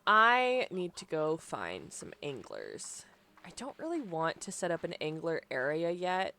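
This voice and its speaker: Streaming a game live, a young woman rambles in casual chat and keeps breaking into laughs. Her voice is on the low side, pushed and bright, with wildly swooping pitch and a measured pace.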